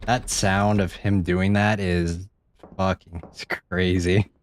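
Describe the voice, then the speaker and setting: A man streaming a horror game live, reacting out loud, swearing and chatting to viewers. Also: low-pitched, fairly even intonation, unhurried, slight background noise. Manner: jumpy, swears often, chats to viewers. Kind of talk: live gameplay commentary.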